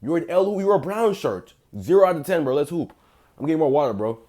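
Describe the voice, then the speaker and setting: A man's voice: a little high, big pitch swings, brisk, mellow. A young man, a dating coach, giving blunt, mocking reaction commentary full of profanity and basketball slang. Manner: blunt, mocking, rates texts out of ten.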